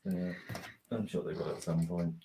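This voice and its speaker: A man with a very deep voice and lively, swinging intonation gives short, low-key replies as he builds. Faint noise and clicks sit behind him. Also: moderate pace, vocal fry. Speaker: co-host of a live building stream. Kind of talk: casual chat while building.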